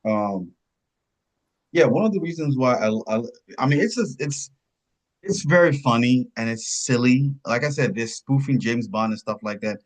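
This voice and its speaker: A man co-hosting a podcast, chatting casually about a film, rambling and searching for words, his pitch jumping up when surprised. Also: expressive, normal speed. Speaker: podcast co-host. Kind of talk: casual film review chat.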